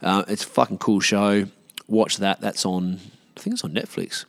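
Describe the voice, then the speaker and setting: A man's voice: deep voice, normal speed, vocal fry. An Australian man in his late thirties, a podcast host, ranting alone in a rambling, profane, sarcastic way. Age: 30s. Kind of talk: solo rant.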